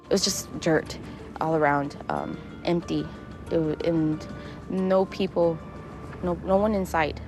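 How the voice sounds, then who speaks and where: A woman giving an emotional interview, speaking haltingly and repeating her words. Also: deep voice, steady tone, music in the background. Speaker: interviewee recounting her past.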